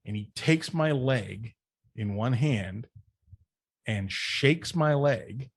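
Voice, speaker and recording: A man of ordinary pitch talks as a guest on a podcast, recounting his past in an easy, casual way. He gets animated and laughs often while telling it. The sound is close and dry with no room around it. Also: slow, no echo. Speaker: podcast guest, wrestling manager. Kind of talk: casual storytelling chat.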